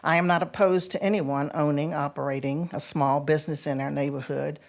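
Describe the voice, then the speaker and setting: A woman in her seventies reading a measured, formal public comment at a county board meeting. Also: low-pitched, steady tone, gravelly. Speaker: resident speaking at public comment.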